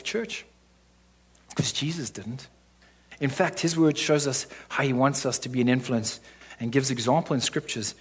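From the pulpit, a pastor with a medium-pitched, slightly husky and breathy voice delivers a sermon. He preaches emphatically, driving points home with rhetorical questions and quick asides.

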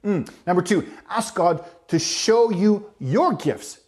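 A man's voice: high voice, very animated, a little slow, hardly any pauses. A man preaching a sermon to his congregation, talking directly to them and acting out little asides. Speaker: pastor.

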